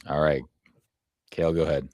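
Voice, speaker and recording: A man producing and hosting a live show, explaining things in a halting way with many fillers. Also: extremely low pitch, flat delivery, a little mellow, no room sound, studio quality. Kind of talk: live casual show chat.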